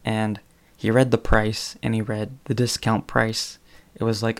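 Funny anecdotes come from a man speaking casually in a presentation, with a lowish voice, flat delivery, and a measured pace. He uses fillers and chuckles now and then between phrases.

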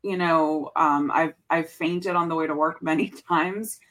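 A woman's voice: sits low, measured pace. Woman in her thirties telling her story. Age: 30s. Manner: candid, animated storytelling with frequent fillers and Spanish phrases. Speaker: podcast guest. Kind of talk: casual conversation.

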